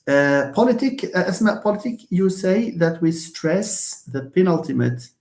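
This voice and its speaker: A man, teaching English linguistics in a live online lesson and answering questions, moving between quick asides and slow, careful explanation. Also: high voice. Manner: lively, switches between fast asides and slow syllable-by-syllable explanation. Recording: roomy echo.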